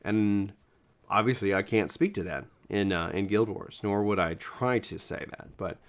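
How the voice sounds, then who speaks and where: A man's voice: fairly low pitch, moderate pace. A gaming video creator talking casually to his viewers, rambling and self-correcting with enthusiasm, his voice cracking now and then. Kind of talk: casual talk to camera.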